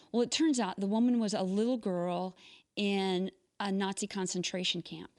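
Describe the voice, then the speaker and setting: A woman host telling a true story in a short inspirational commentary, in an earnest, measured way. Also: medium pitch, steady tone, a little mellow.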